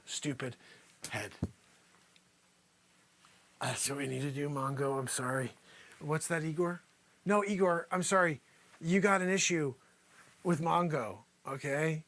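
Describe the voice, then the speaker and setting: A man hosts an improvised comedy show, parodying a news anchor and riffing on his guests with loose, teasing banter. He breaks into high-pitched fits of laughter and shouts.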